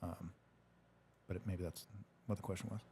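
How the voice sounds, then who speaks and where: A low, mellow male voice reads viewer comments at a moderate pace with fairly even intonation, joking casually and swearing now and then on a livestream. The podcast host is in a home studio, and a little hiss or hum can be heard.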